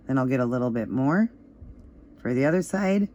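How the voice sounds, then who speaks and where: A slightly hoarse woman giving a casual, chatty step-by-step nail art tutorial, with easygoing instructions and fillers. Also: a bass voice, animated, moderate pace, pauses often, warm tone, lo-fi sound, a little hiss or hum. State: slightly hoarse, voice still crackly.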